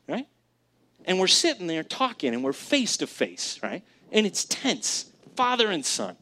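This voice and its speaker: A man's voice: sits high, very animated, moderate pace, a bit bright. A man in his thirties preaching a sermon in church, conversational and emphatic, often asking the congregation questions. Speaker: pastor. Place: church sanctuary.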